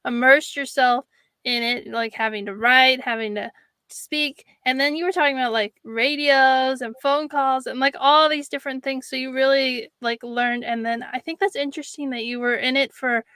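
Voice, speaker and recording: A woman's voice: high voice, fairly even intonation, normal speed, pushed and bright, clear, resonant tone, no echo. A woman hosting a casual interview podcast, summing up her guest's points in a reflective way with many "like"s. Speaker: podcast host.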